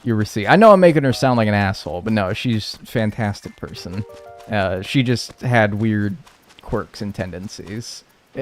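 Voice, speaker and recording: A streamer in his twenties with a mid-range, slightly mellow voice chats casually and profanely with viewers while gaming and reading chat. He rambles and trails off into mumbles.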